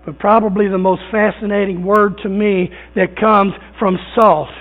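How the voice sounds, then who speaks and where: A man with a notably high voice delivers a folksy, conversational church sermon, repeating himself and using fillers. The sound is thin and narrow, like a phone line. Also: flat delivery, moderate pace. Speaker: pastor. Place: church sanctuary.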